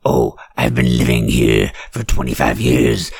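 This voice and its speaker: A man's voice: rumbling low, very animated, measured pace, vocal fry, a little mellow, slightly rough, no echo, soft background music, pitched below the performer's own voice, exaggerated voice. A man voicing a pleading, earnest middle-aged immigrant man who talks hesitantly, with fillers.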